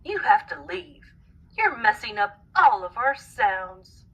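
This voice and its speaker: A woman's voice: fairly high pitch, sing-song, slow pace, fairly bright tone, slightly rough, lo-fi sound, full character voice. A woman voicing the letter P in a storybook, emphatic and protesting. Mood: indignant. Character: indignant letter P, storybook character.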